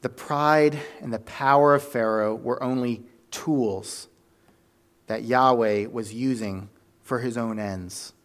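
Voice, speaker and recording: A man's voice: medium pitch, fairly even intonation, slow. A man preaching a sermon, telling a story with energy and plenty of fillers and self-corrections.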